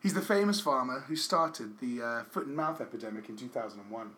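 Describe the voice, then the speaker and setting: A man's voice: medium pitch, expressive, fairly quick. Male podcast host, jokey, slips into mock-solemn reading; faint hiss behind him. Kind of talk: comedic podcast banter.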